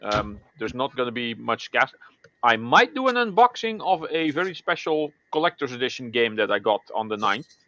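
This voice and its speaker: A man chatting casually on a livestream, relaxed and hesitant. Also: medium pitch, normal speed, dry recording. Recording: dry lo-fi call audio.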